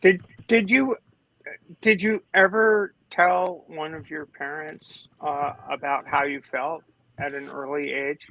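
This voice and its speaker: A man's voice: on the high side, steady tone, takes it slowly, creaky, bright, forceful tone, rough recording. A man on a video call who asks hesitant questions in a casual group chat.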